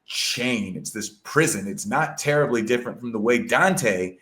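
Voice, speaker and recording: A man's voice: medium pitch, lively intonation, moderate pace, a bit bright. A man talking in a casual podcast chat, rambling with many fillers and restarts, loose and a little profane. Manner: rambling, filler-heavy, lots of "like" and "you know". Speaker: podcast guest discussing an epic poem.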